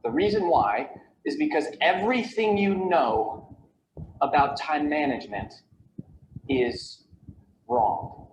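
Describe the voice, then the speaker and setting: High-voiced man giving a keynote talk. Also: expressive, slow, pauses often. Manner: storytelling with rhetorical questions and repeated lists. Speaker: keynote speaker on time management. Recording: echoey video played over a call with background noise.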